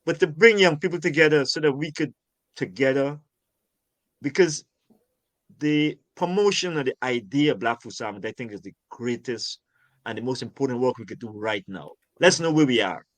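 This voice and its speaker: A mid-range, slightly bright voice with lively intonation belongs to an older Guyanese urban farmer, heard in a dry recording at a moderate pace. Conversing as an interview guest, he speaks passionately and emphatically, often repeating words to underline a point.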